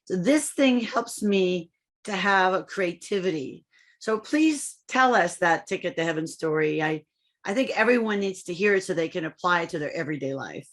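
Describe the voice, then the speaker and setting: A woman podcast host introducing her guest in an earnest, measured way over a video call. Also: fairly low pitch, animated. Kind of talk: conversational interview.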